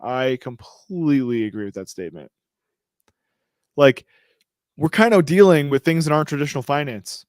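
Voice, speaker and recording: A man of average pitch reads headlines aloud on a casual podcast, breaking off to joke and throw in slang. He trips over words and laughs it off. The sound is dry and close, with no room echo. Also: animated, moderate pace, long pauses, darkish tone. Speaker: podcast co-host. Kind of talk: casual chat reading news aloud.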